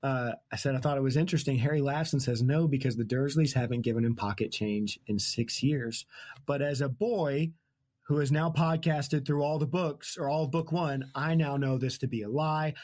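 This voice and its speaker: Podcast host guy retelling a book, jokes around a lot, laughs, trails off mid-thought, mid-pitched. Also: fairly even intonation, moderate pace, darkish tone. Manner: jokey, laughs often, trails off mid-sentence. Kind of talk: casual chat retelling a book.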